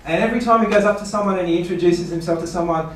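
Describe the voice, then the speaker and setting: Echoey pastor, distant mic. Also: male voice, high voice, racing, a little hiss or hum. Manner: rhetorical questions, playful mock quotes. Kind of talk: seminar talk. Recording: echoey room, voice from far off.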